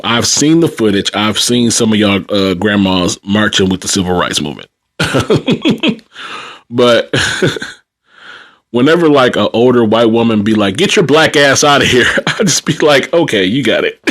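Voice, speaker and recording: Animated, laughing man telling work stories. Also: on the low side. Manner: laughs often, animated, slangy. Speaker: nursing assistant. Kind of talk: casual livestream storytelling.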